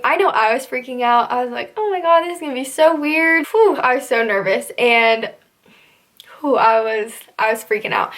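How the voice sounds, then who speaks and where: A woman's voice: fairly high pitch, a bit bright. A young woman casually telling a rambling story about her first days of basic training, full of "like" and asides. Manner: chatty, rambling, heavy use of "like". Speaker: vlogger recounting basic training.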